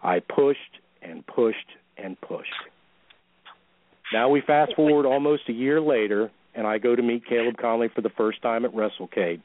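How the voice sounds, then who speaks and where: Man, pompous, mock-solemn, mid-pitched, tinny phone line. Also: normal speed, no echo. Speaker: podcast co-host. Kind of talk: dramatic open-letter reading.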